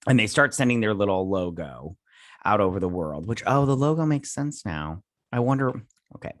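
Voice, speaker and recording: A man's voice: on the low side, animated, normal speed, dry recording. Rambling male TV reviewer, dry sound. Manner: rambling, filler-heavy, paraphrasing scenes; sipping coffee early in the morning. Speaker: host reviewing a TV episode. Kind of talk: casual episode recap.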